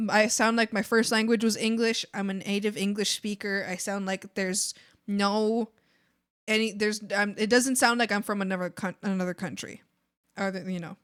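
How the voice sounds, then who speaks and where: A woman's voice: mid-range voice, steady tone, normal speed, a bit bright, clean tone. A young woman with an American accent, a native Spanish speaker, chatting casually as a streamer while drawing. She rambles along with lots of fillers and restarts.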